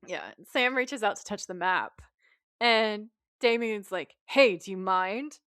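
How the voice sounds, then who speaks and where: A woman co-hosting a podcast recaps an episode in relaxed, casual chat, retelling scenes and reading out the characters' lines. Her medium-pitched voice is clear and resonant, and she speaks slowly. The sound is close and dry, with no room echo.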